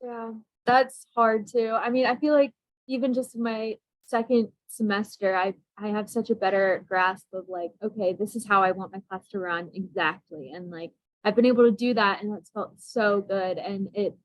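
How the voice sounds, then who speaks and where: A woman's voice: medium pitch, fairly even intonation, moderate pace, no room sound, low-quality recording. Candid young woman teacher, dry sound. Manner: candid and self-deprecating, laughing often. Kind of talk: casual group discussion.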